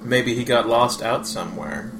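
Player, male, hesitant musing talk, loud noisy background. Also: medium pitch, moderate pace, reverberant. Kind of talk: casual chat in a tabletop game.

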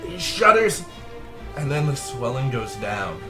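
A man's voice: medium pitch, sing-song, a little slow, over music. A man narrating a tabletop game as game master, in vivid, gory detail.

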